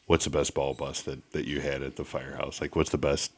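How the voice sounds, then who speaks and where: A man hosting a casual podcast, talking in a relaxed, loose way with casual swearing. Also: very deep voice, fairly quick, breathy edge. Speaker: podcast host. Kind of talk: casual chat.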